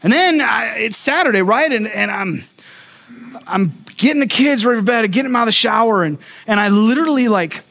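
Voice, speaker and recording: A middle-aged male pastor preaches a sermon, animatedly telling a personal story in which he acts out quotes and stumbles through restarts, repeating words. His voice is very high-pitched and fairly quick, with vocal fry.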